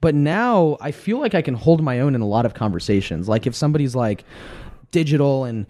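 A man's voice: medium pitch, very animated, fairly quick, warm tone. A young man talking casually on a podcast, chatty and filling his sentences with "like". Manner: chatty, peppers speech with "like". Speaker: content team member.

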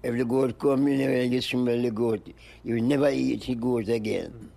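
An older man, an interview guest, rambling in slow looping phrases and breaking into high-pitched animal noises. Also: fairly even intonation, gravelly, dark tone. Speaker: interview guest, music producer. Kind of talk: rambling stream-of-consciousness chat.

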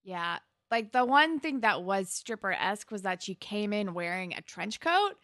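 A young woman co-hosts a casual podcast, retelling episode plot points in a bright, sharp voice. She acts out what the characters say as she goes. The recording is close and dry. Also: medium pitch, big pitch swings, normal speed, dry recording. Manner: chatty plot retelling, acts out quotes, laughs often. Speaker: podcast co-host. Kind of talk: casual TV recap chat.

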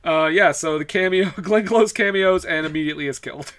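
A man with a bright, slightly high voice talks through a film recap in a casual podcast chat. He laughs often and fills his sentences with "uh" and "like". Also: a little fast. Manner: laughs often, many fillers and restarts. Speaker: podcast co-host.

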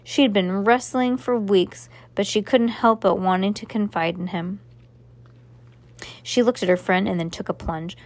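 A woman reading a children's novel aloud with steady narration, stumbling and restarting now and then. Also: mid-range voice, moderate pace, dry recording. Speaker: reader.

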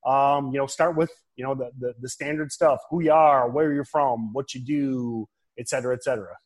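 A man hosting an interview, introducing guests in a halting, rambling way. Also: mid-range voice, steady tone, rough recording. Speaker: host. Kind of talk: casual interview.

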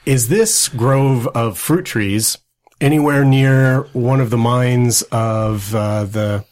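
A man's voice: mid-range voice, slow pace, a little mellow, natural voice. A man voicing an easygoing, peacemaking male starship captain in improvised role-play.

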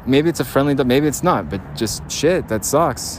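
A podcast host, a man with a mid-range voice, rambles through an audio diary as he walks in a city park, laughing often. His intonation is lively and his pace moderate, with faint street noise outdoors in the background.

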